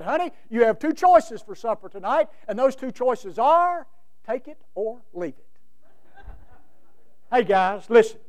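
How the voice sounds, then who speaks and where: A middle-aged male preacher giving a sermon, emphatic, with big swings from loud to soft. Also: high voice. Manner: emphatic, with wide swings in loudness.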